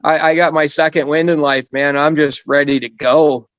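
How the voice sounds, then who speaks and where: A man's voice: on the high side, flat delivery, normal speed, fairly bright tone, no echo. Rambling fifty-something man, dry muffled audio. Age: 50s. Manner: rambling, self-deprecating storyteller. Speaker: guest racing driver. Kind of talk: casual podcast chat.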